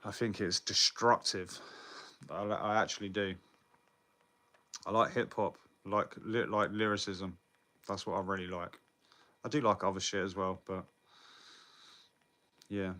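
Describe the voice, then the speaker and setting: A young British man talks loosely to his viewers, wandering from thought to thought and swearing freely. His voice sits a little low, with a bright, forward edge. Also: fairly even intonation, measured pace, long pauses. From Britain. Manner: rambling, swears often, laughs between lines. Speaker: live streamer. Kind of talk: casual live chat reading viewer comments.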